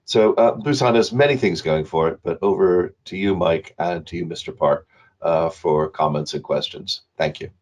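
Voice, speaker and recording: A man presenting slides in an online webinar, speaking in a measured way with many filler hesitations. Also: deep voice.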